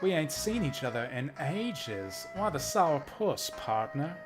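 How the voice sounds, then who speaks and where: A man's voice: high voice, big pitch swings, unhurried, over music, pitched above the performer's own voice. A man voicing a flirty female theater owner with a southern drawl, reading game dialogue aloud. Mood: teasing. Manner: drawling, sassy, calls people darling.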